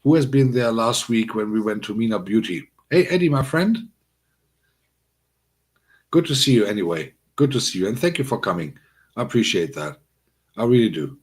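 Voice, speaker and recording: A man with a lowish voice hosts a relaxed livestream, chatting to his viewers at a desk mic. He rambles through stories, full of ums and restarts. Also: moderate pace, pauses often. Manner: chatty, rambling storyteller with many fillers. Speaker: livestream host. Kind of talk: casual livestream chat.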